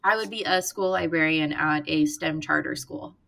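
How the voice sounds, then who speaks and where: A woman's voice: low-pitched, normal speed, vocal fry, fairly bright tone. A woman co-hosting a casual book discussion podcast, chatty, who likes to quote the book in dramatic voices. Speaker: podcast co-host.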